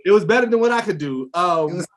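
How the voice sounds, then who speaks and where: A man hosting a casual interview, relaxed, nodding along and asking long, rambling questions. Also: sits high, brisk. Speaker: interview host.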